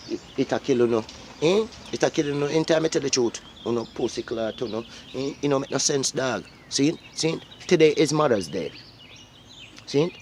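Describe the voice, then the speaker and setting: A man's voice: medium pitch, a little mellow, a little hiss or hum. Jamaican guy ranting at his viewers, preachy, swears a lot, keeps going "eh?". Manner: preachy, profane, repeats questions like "Eh?". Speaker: vlogger.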